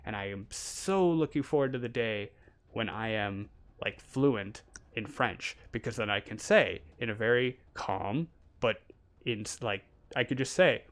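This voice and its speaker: A man's voice: lowish voice, unhurried. Rambling Canadian man on a stream. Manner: rambling, animated, mimics people in quotes. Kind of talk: casual stream chat.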